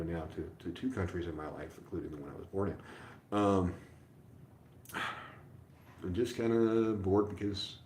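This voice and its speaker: A man's voice: deep voice, darkish tone, roomy sound, slight background noise. A tired, sore middle-aged man chatting casually on a livestream from a hotel room, rambling and self-deprecating with lots of fillers. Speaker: livestream host. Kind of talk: casual rambling live chat.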